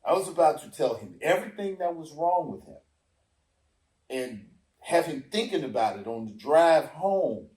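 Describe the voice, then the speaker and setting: An emphatic middle-aged man talks through a heated casual discussion, his voice swinging widely up and down as he acts out quotes. He sits a little above the usual male pitch and keeps pressing his point. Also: big pitch swings, normal speed, darkish tone, echoey room. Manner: emphatic, explains with acted-out quotes. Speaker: podcast host.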